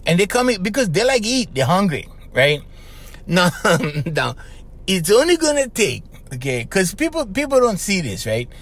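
A man's voice: high voice, big pitch swings, normal speed, a bit bright. A middle-aged man from Hawaii with a Hawaiian Pidgin-tinged accent, hosting a casual solo podcast, rambling and chuckling, tagging lines with "right?" and "okay?". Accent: Hawaiian Pidgin-tinged English. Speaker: podcast host.

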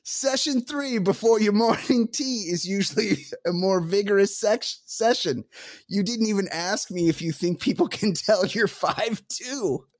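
A man voicing a teasing woman lover in a put-on British accent, hammy and high. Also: a little slow. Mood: mocking. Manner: hammy, breaking into laughter.

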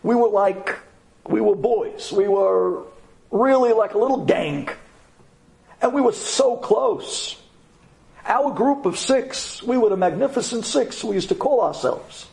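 A middle-aged man from New York telling a personal story to an audience of women in a dramatic, expressive way, acting out the dialogue. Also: unhurried, gravelly. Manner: dramatic and expressive, jumps up in pitch for emphasis, acts out dialogue. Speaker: speaker addressing an audience of women.

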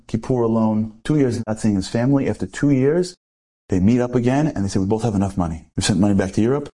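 Fast-talking man telling a story. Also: fairly low pitch, husky. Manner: animated, full of rhetorical questions and acted-out dialogue. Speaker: inspirational speaker. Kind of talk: storytelling talk to a live audience.

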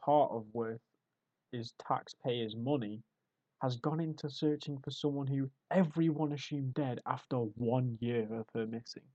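A man's voice: medium pitch, unhurried, dry recording, lo-fi sound. An English man co-hosting a podcast, chatting in a casual comedic way and often slipping into put-on voices. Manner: animated, slips into put-on voices. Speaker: podcast co-host.

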